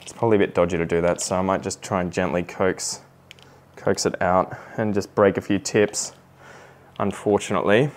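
A man's voice: low-pitched, little pitch movement, moderate pace. A man with an Australian accent who talks viewers through repotting a plant in a casual, self-deprecating way, with joking asides. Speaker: plant vlogger. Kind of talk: casual how-to narration while repotting.

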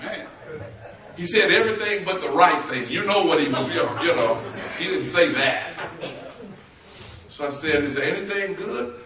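A man preaching a storytelling sermon, who acts out the voices in his story and swings between loud and soft. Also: on the high side, moderate pace, pauses often, recorded from a distance, crowd noise. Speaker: bishop preaching. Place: church sanctuary. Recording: echoey church from off-mic.

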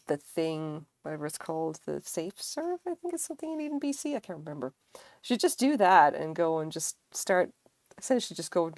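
A woman's voice: deep voice, a little mellow, dry recording. A woman with an Irish accent chatting casually on a livestream while she crochets, talking animatedly, swearing freely and using lots of fillers. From Ireland. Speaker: livestream host.

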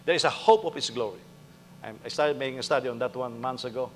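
A man's voice: medium pitch, quick pace, in a large hall, slight background noise. A male pastor preaching conversationally, acting out little dialogues and firing rhetorical questions at the congregation. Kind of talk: sermon.

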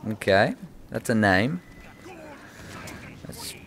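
A young man mumbling casual commentary while playing a shooter game, breaking into sudden high yelps now and then. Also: very animated, extremely slow, a bit bright, slight background noise. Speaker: gaming channel host.

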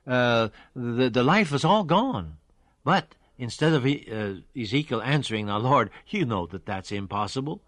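A man teaching the Bible on the radio, explaining scripture verse by verse in an earnest way and slowing down to stress key lines. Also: medium pitch, expressive, a bit bright, dry recording. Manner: earnest, explaining verse by verse with emphatic slowed readings.

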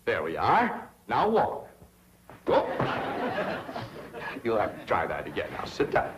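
A puffed-up young fop from an old sitcom, all flowery sing-song airs, his pitch swooping up and down as he lectures in grand tones with a faint hiss under him. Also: wildly swooping pitch, slow pace, exaggerated voice. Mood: pompous. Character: pompous foppish young man, theatrical. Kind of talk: 1960s sitcom acting.

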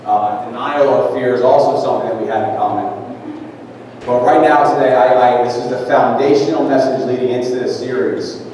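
A man preaching a conversational sermon, reading scripture slowly. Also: medium pitch, fairly even intonation, a little mellow, slight background noise. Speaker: pastor. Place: large church sanctuary. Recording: echoey church hall from far off.

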